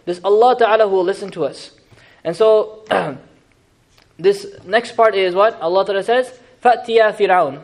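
A man teaching a Quran lesson in a lively, conversational way, asking the audience questions and making joking asides. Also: high-pitched, normal speed. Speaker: Islamic teacher.

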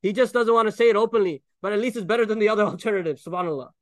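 An Islamic preacher delivers a sermon, explaining Quran verses with Arabic recitation. He is animated and jokes as he acts out the people in the story, his voice pitched high and his delivery racing.

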